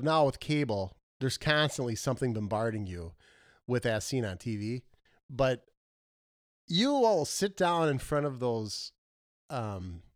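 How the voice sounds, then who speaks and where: A man co-hosting a casual podcast, animated and quick to laugh. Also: mid-range voice, dry recording, clean studio sound. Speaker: podcast co-host. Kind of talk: casual chat.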